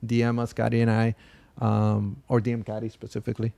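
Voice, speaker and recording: A man's voice: lowish voice, completely flat delivery, a little fast, gravelly, mellow, dry recording. A man co-hosting a casual podcast, talking in a loose, rambling way with many restarts. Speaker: podcast co-host. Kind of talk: casual chat.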